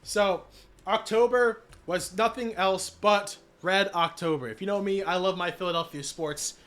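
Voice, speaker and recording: A man streaming live, recapping his channel's year in a casual, energetic way with many fillers and shout-outs, voice cracking after being sick. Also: high voice, unhurried. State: recovering from illness, voice cracking.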